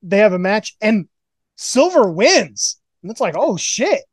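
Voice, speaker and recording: A man's voice: sits high, a little slow, no room sound. Profane rambling male podcast host. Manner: profane, rambling, animated storytelling with mock quotes. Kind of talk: casual fantasy booking chat. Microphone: video call.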